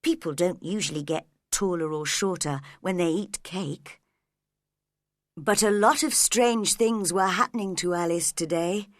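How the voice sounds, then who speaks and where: A woman narrating a storybook in a slow, gentle, expressive reading. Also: fairly low pitch, no room sound, clean studio sound.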